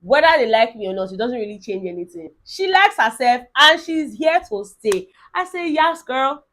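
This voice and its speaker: A young woman with a Nigerian accent dishes on a reality show in lively, sassy commentary. She mock-quotes the cast and drops into Pidgin. Her voice sits somewhat high. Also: normal speed. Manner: sassy, animated, mock-quoting others. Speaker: reality TV recap vlogger. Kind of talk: casual commentary mixing Pidgin.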